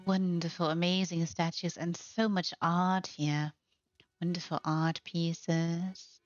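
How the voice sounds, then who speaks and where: A woman's voice: lowish voice, little pitch movement, takes it slowly. A woman hosting a game housing showcase, talking over a gameplay tour in a gushing, affectionate, admiring way. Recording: slightly muffled, faint music behind.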